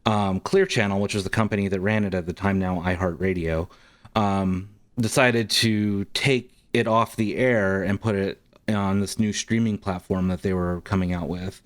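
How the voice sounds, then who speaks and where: A man's voice: low-pitched, fairly even intonation, moderate pace. A man guest on a podcast, telling a story casually with many ums and likes. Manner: rambling, frequent ums and likes.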